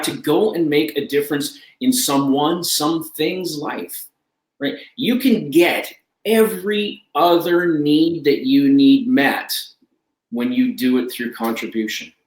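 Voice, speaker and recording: A man's voice: fairly high pitch, slow, echoey room, low-quality recording. A man talking as a guest life coach, enthusiastic and emphatic, repeating his key phrases. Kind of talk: energetic conversational talk.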